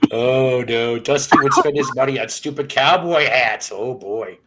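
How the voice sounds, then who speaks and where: A man's voice: medium pitch, measured pace, bright, forceful tone, raised voice, slight background noise, rough recording. Rambling, jokey man hosting a show. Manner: rambling, jokey, swears freely. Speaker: podcast host. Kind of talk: casual chat.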